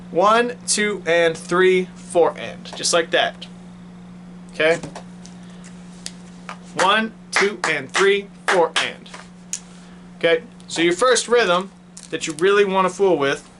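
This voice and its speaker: Bright-voiced man teaching drum lesson. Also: fairly high pitch, slight background noise. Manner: patient, checks in with "okay?". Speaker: music teacher. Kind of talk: casual classroom instruction.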